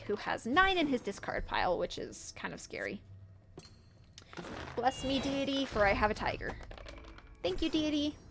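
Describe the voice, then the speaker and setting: A woman's voice: a little high, creaky, slight background noise. A woman streamer giving casual, playful gameplay commentary, often giggling as she narrates her characters' antics.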